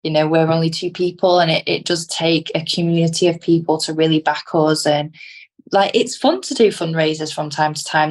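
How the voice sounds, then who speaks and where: A young British woman co-hosting a podcast, talking casually, laughing often and using British slang. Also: lowish voice. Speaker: podcast co-host. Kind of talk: casual chat.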